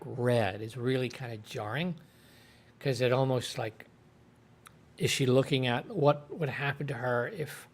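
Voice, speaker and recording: A man hosting a livestream, casually retelling a TV episode in a rambling way and quoting the characters. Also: medium pitch. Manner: rambling retelling with quoted voices. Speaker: show reviewer.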